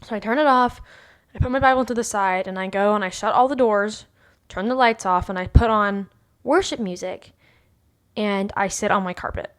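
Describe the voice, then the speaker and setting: A woman hosts a personal faith podcast at a middle pitch. She tells her story in a loose, rambling way. She keeps adding fillers and restarting her sentences. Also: normal speed, smooth. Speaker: podcast host.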